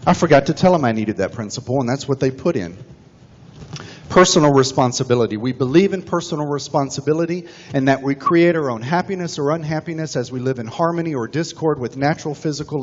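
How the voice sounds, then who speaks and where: A man from Texas preaching a sermon as pastor, with animated, emphatic storytelling. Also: mid-range voice. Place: church sanctuary. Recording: dull recording with long church reverb.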